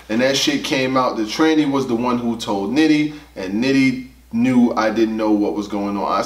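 A man hosting a laid-back commentary chat in an ordinary mid-range voice, blunt and profane as he lays out the story point by point. He is some distance from the mic, with a roomy echo. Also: medium pitch. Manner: blunt, profane, explaining step by step. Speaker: host. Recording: roomy sound, away from mic.

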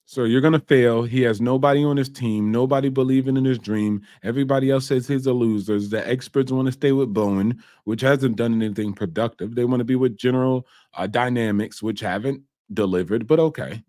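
A man's voice: medium pitch, fairly quick, few pauses, mellow, no echo, clean studio sound. A man hosting a reaction show, ranting bluntly and mockingly about a clip, with frequent swearing. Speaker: host reacting to a documentary.

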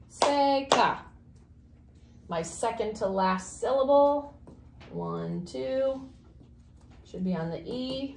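A woman's voice: mid-range voice, vocal fry, a little mellow. Teacher woman in an echoey classroom. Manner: explains step by step, asks questions. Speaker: Spanish teacher. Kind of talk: classroom grammar lesson. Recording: echoey classroom, faint noise.

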